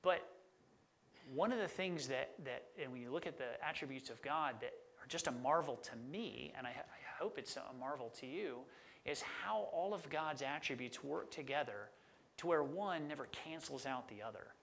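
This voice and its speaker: A man's voice: medium pitch, lively intonation, moderate pace, creaky, fairly bright tone. A middle-aged man preaching a sermon as a pastor, conversational and enthusiastic about word meanings.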